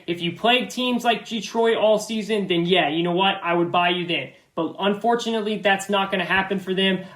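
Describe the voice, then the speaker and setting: A man's voice: high voice, a bit bright, echoey room. A man hosting a football podcast, giving confident, emphatic opinions and often repeating his phrases. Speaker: podcast host. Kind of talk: sports podcast analysis.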